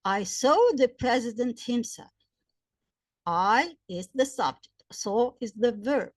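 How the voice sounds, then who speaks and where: A woman's voice: on the high side, no echo, clean studio sound. Woman teaching grammar. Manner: slow, repetitive explaining with examples. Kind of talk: explanatory grammar lesson.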